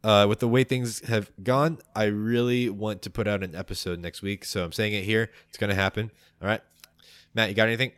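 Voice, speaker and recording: A man with a very low, deep voice narrates a tabletop adventure as game master, in a measured and playful storytelling manner. He also delivers the podcast's announcements and sign-off. The sound is dry and close, with no room to it. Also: steady tone, a bit bright, smooth, no room sound.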